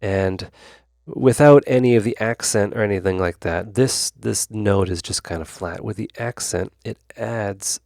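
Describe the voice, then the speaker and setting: Low gravelly man, casual synth demo. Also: a little slow, few pauses, darkish tone, no echo, clean studio sound. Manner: rambling, loose, full of fillers and asides. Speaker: YouTube host.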